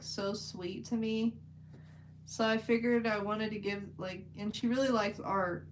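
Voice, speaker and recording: A chatty woman with a drawl talks loosely to her stream chat as she paints, filling her sentences with "like." Her voice sits at a middle pitch, and a faint hum runs underneath. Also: poor audio. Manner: chatty, rambling, many "like" fillers. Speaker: livestream host. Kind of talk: casual livestream chat while painting.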